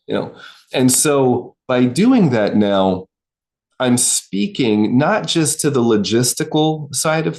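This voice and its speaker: A man's voice: medium pitch, darkish tone. A man coaching on a live stream, talking loosely and conversationally, breaking off into asides and restarting his sentences. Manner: loose, conversational, self-interrupting, chatty asides. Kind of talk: casual live-streamed talk.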